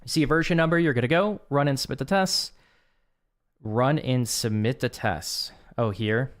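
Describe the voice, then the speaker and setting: A man's voice: mid-range voice, moderate pace. Casual streamer man reading and reacting. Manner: reads lesson text aloud and reacts with offhand remarks. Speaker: streamer working through a coding course. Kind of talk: casual live-stream commentary.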